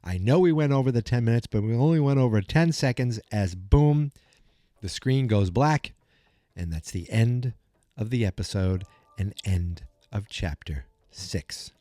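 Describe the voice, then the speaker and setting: A man hosts a podcast and recaps an episode in a loose, rambling way full of "um" and "like." His voice sits low and mellow. The recording is close and dry. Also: lively intonation, a little slow, no echo. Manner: rambling, filler-heavy storytelling. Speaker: podcast host.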